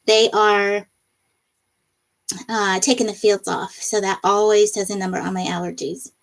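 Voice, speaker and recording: A woman's voice: mid-range voice, little pitch movement, measured pace. A woman hosting a casual live stream, reading viewer comments aloud and laughing often, her nose a little runny. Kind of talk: casual live chat while crafting.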